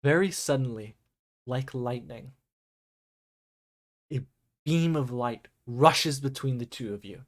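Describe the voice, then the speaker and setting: A woman narrating a tabletop game as game master, describing scenes in a measured way. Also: a bass voice.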